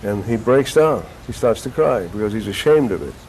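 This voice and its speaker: An older man, an actor being interviewed, telling stories in an animated, rambling way with restarts. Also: on the low side, moderate pace, slight background noise, rough recording. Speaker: actor guest. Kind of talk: conversational interview storytelling. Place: local TV studio.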